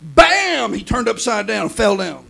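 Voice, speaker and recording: High-voiced gravelly preacher man. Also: very animated, unhurried, poor audio. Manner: fervent preaching with frequent "uh" fillers, swings from loud to hushed. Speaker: pastor. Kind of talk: sermon.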